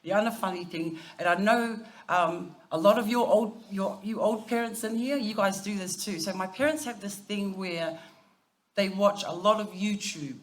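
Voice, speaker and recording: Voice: mid-range voice, normal speed. A family member giving a eulogy at a funeral service, telling stories and mixing English with Samoan phrases. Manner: anecdotal, laughing through stories.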